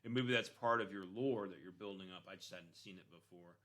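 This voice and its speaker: A man's voice: low-pitched, a little fast, fairly bright tone. A man talking casually while reviewing an online store, with frequent "right?" and "you know" and punchy emphasis. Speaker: e-commerce store consultant.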